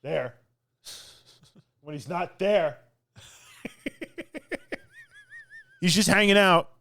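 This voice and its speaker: A man's voice: sits high, drawn-out words, creaky, pushed and bright, no room sound. A man co-hosting a podcast, ranting in casual chat with mocking mimicry and blunt complaints. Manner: ranting, exasperated, mocking quotes. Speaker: podcast co-host.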